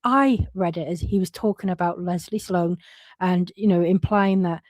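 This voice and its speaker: A woman's voice: fairly low pitch, fairly even intonation, normal speed, darkish tone, no echo. A woman giving frank, casual commentary and swearing freely, often breaking off and restarting her sentences. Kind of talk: casual commentary reading out messages.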